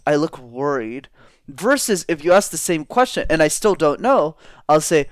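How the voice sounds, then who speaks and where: Here a man with a fairly high pitch speaks unhurriedly as an interview guest, in a dry recording with clean studio sound. Animated and energetic, he coaches on public speaking, demonstrating vocal tones by shifting his tone up and down.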